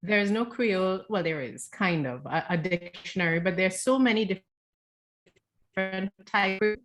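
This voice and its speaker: A woman's voice: medium pitch, moderate pace. A woman from South Trinidad with a Trinidadian accent, an author talking casually and animatedly, often restarting and repeating words. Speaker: author guest. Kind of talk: casual conversation.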